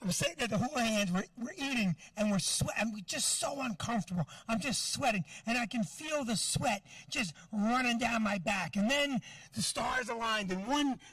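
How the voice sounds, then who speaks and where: A man's voice: very high voice, animated, moderate pace, dry recording, far from the mic. A man doing a profane, brash stand-up comedy set in a club, working the crowd and acting out conversations. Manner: brash, profane, acts out quoted dialogue and shouts.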